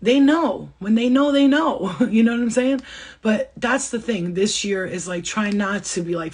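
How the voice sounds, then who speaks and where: A woman giving a casual livestream spiritual reading, talking fast and bluntly and swearing freely. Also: a little high, a little mellow, slightly rough.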